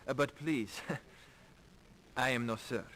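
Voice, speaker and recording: An actor playing a suave older gallery owner, speaking formally in a mid-range voice. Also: male voice, mid-range voice, a bit bright, soft background music. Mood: courtly. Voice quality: formal, slow, old-fashioned courtesy.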